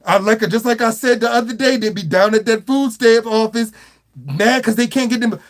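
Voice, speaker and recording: A high-pitched man rants with mocking, animated energy. He stumbles into repeated words and laughs at his own jabs. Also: a little fast, slight background noise. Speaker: online commentator. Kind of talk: mocking commentary rant.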